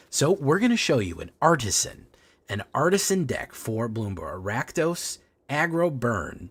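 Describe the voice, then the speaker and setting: A man's voice: mid-range voice, unhurried, husky. A man hosting a card game stream, talking in a playful, joking way. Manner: playful, joking, lively delivery. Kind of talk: casual stream commentary.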